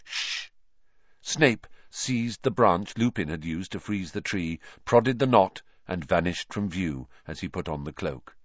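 A man reading a children's novel aloud as narrator, in an expressive, animated storytelling manner. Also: deep voice, unhurried, hardly any pauses, no room sound, highs cut off. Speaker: audiobook narrator.

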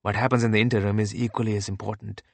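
Brief: male narrator doing a serious, principled man; low-pitched, dry read. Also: level tone, very fast, vocal fry, dry recording. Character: earnest man burdened by visions of the future. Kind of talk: audiobook character reading.

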